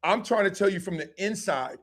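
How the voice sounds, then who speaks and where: A man, hosting a livestream and telling lively stories, acting out voices and laughing often. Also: high-pitched, fairly quick, slightly rough. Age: 50s. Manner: animated storyteller, acts out voices, laughs often. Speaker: show host. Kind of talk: livestream storytelling and chat.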